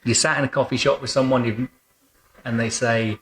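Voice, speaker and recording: A man hosting an interview as a boudoir photographer, chatting in a warm, rambling way in his photo studio, full of fillers and restarts. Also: mid-range voice, steady tone, brisk, a little hiss or hum. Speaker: boudoir photographer and podcast host. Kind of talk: relaxed conversational interview.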